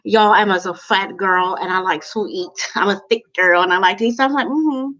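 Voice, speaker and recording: A woman's voice: mid-range voice, steady tone, a little fast, fairly bright tone, highs cut off. A woman in her forties telling a personal story to camera in a chatty, rambling, emotional way with lots of fillers. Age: 40s. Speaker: vlogger.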